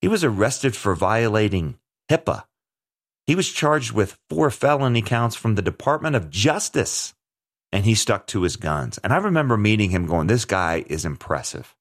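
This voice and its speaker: Deep-voiced man in earnest commentary. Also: sing-song, moderate pace. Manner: earnest, emphatic, with frequent restarts. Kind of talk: conversational commentary.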